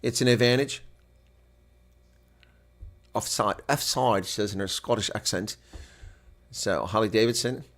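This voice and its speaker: A man giving live play-by-play rugby commentary from a home setup, getting louder and higher on big plays. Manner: excitable, bursts loud and high on big plays.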